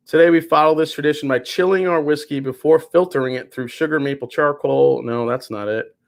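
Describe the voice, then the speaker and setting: Animated man hosting a whiskey stream. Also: on the high side, a little fast, creaky. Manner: animated, cussing, groaning in disgust, chatty. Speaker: whiskey livestream host. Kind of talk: casual live-stream chat.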